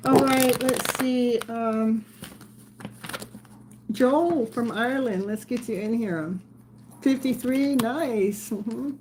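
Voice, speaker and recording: 60s lady doing a live tarot stream, unhurried and giggly, bit of a higher voice. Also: background noise. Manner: chatty, laughs often, playful baby talk to her dog. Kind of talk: casual live-stream chat while reading viewer comments.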